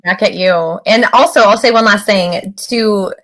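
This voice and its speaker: Woman, podcast guest, candid, animated storyteller, quotes voices. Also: medium pitch, unhurried. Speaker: guest, author. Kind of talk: casual interview chat.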